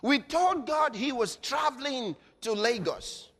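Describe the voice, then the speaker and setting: A male preacher delivering a sermon, dramatic, swinging between hushed passages and shouted ones. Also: very high voice, lively intonation, a little slow. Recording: reverberant hall.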